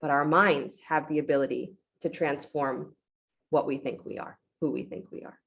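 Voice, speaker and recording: A woman leads a yoga class in a low voice with a gravelly edge. She gives calm, encouraging short cues. She also slips into reflective storytelling about letting go. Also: normal speed. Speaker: yoga teacher. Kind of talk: guided yoga class instruction.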